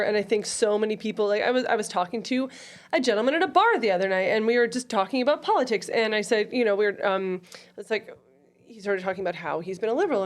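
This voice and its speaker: A woman on a political podcast panel, chatting casually and backing firm opinions with personal anecdotes. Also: medium pitch.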